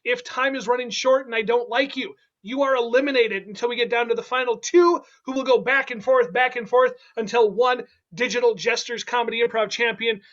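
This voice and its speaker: High bright guy hosting an improv game, playful, kinda dull lo-fi sound. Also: steady tone. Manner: playful, quick, laughing asides.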